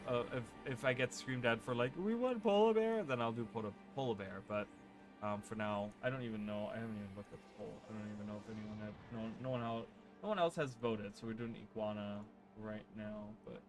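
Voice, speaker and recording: Rambling gamer guy over game music. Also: on the low side. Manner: rambling, heavy on fillers like "like" and "right?". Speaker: gaming channel host. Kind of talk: casual let's-play commentary. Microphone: desk microphone. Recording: game music playing under the voice.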